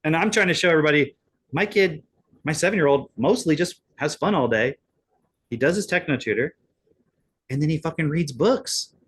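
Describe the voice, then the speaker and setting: Male podcast co-host, fairly high voice, sarcastic and profane, ranting in casual chat. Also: lively intonation, normal speed, pauses often, fairly bright tone, breathy edge.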